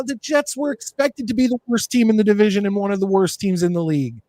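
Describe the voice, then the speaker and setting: High-voiced rambling sports show host. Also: male voice, expressive, brisk, hardly any pauses, a little mellow, no echo. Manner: rambling, self-correcting. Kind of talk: casual sports chat.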